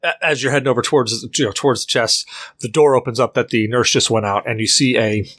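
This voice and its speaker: A man narrating a tabletop role-playing game as game master, in a relaxed way with many fillers and restarts. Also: mid-range voice, quick pace, no room sound.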